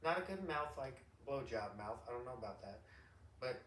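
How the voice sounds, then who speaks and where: A middle-aged man hosting a podcast, an animated storyteller who rambles, restarts and laughs often in casual chat. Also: mid-range voice, moderate pace. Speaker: podcast host. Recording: roomy echo, distant mic.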